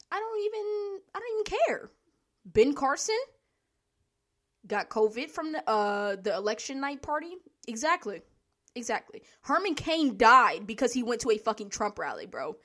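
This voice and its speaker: A woman's voice: high voice, fairly bright tone. A woman hosting a solo podcast, ranting in a blunt, profane, heated way, with sighs and laughs between her points. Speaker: podcast host.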